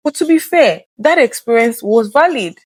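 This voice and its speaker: A woman's voice: fairly high pitch, moderate pace, no echo. A woman speaking as a guest in a candid personal conversation, earnest and open, often acting out past conversations. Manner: earnest, reenacts conversations with lively quoted voices.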